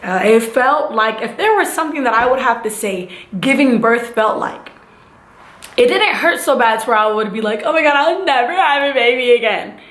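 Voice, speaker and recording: A young woman tells a casual storytime with lots of animation, jumping into other people's voices as she goes. Her voice sits fairly high. The room around her is echoey. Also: moderate pace. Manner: animated, acts out voices and sound effects. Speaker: vlogger.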